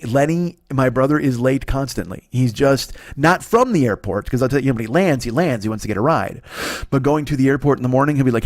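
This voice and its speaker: A man in his forties hosting a podcast, rambling through a profane, self-mocking comedy monologue while sick, his voice a bit hoarse and sniffly. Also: mid-range voice, no room sound, clean studio sound. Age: 40s. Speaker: podcast host.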